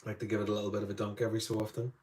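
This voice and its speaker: Irish man, art teacher, fairly low voice, live painting demo, casual rambling chat. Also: little pitch movement, rapid-fire, a little mellow. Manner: chatty, rambling asides while painting. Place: indoor art studio.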